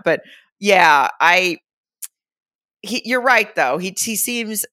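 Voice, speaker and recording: A woman's voice: lowish voice, takes it slowly, pushed and bright, no room sound, clean studio sound. A woman co-hosting a podcast in casual chat, rambling and correcting herself as she talks. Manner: rambling, self-correcting, laughs easily. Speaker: podcast co-host.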